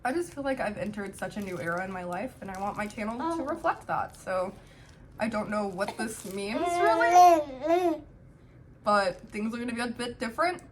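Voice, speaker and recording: A young woman in her twenties, a family vlogger, talks candidly to camera at home with a baby in her arms. Her voice is fairly high and expressive at a normal speed, reflective and loose, full of "um" and "like," with faint background noise.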